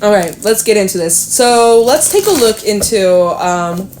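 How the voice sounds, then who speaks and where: Woman tarot reader, casual to-camera vlog delivery; chatty, upbeat, encouraging, swears freely, laughs easily; mid-pitched voice. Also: expressive, a little slow, noisy background.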